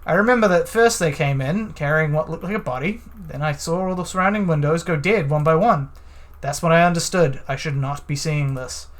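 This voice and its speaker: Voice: medium pitch, a little fast, lightly acted. A let's-play narrator voicing a nervous, evasive, genteel man witness who speaks in fussy, formal, hesitant phrases.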